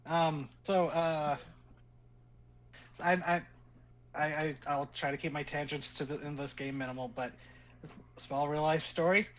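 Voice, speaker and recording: Man, game master, rambling storyteller, slightly high voice. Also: unhurried, long pauses, dull audio. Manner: rambling, animated storyteller with frequent "like". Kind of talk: narrating a tabletop game and telling anecdotes.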